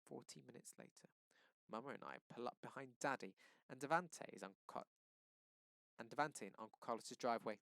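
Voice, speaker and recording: A male teacher reading a novel aloud to his class in a lively, expressive way. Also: medium pitch, a little fast, gravelly, no room sound.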